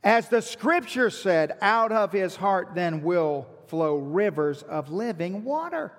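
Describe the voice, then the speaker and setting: A man's voice: high voice, lively intonation, slow. A man preaching a sermon in a church, emphatic and building his points through repeated lists. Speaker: pastor. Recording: long reverb of a large hall.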